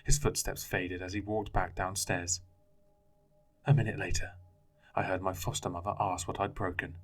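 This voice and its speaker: Man, very deep voice, scripted horror narration, measured, faint music bed. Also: flat delivery, breathy edge.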